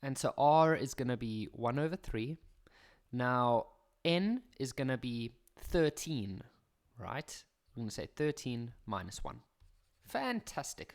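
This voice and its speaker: A man with a South African accent teaching a maths lesson on video, chatty and fond of self-deprecating jokes. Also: medium pitch.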